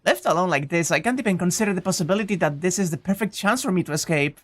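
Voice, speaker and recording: A woman voicing an earnest teenage boy hero in a visual novel read-aloud, in a slightly lowered, thoughtful narrating voice. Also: animated, very fast.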